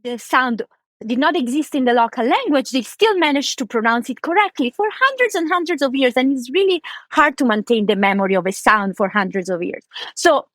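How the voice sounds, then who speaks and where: A woman reporter talks through her subject in a fairly high voice, chatty and loose, with plenty of "like" fillers. The sound is close and dry, with no room around it. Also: expressive, fairly quick, fairly bright tone, dry recording. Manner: chatty explainer, frequent "like" fillers. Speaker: archaeology reporter. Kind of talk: explaining as a guest on a news podcast.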